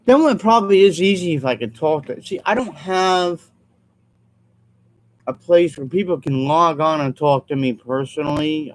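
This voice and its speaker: The audio is poor, and the man's voice sits a little high. He's a vlogger rambling earnestly to his viewers on his own, repeating things, saying sorry, and fading out with ums.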